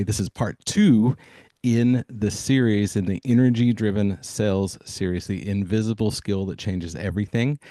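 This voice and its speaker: An enthusiastic male podcast host who hypes up his listeners and scatters fillers through his talk. His voice sits low and mellow. The recording is close and dry. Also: no echo. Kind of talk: energetic podcast monologue.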